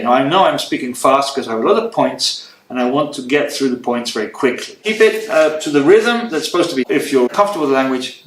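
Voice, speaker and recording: A man teaching presentation skills to camera, brisk and direct, often checking in with "okay?" while holding a microphone. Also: fairly high pitch, a bit bright. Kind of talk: lecture to camera. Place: room with a writing board. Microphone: handheld microphone. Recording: echoey room.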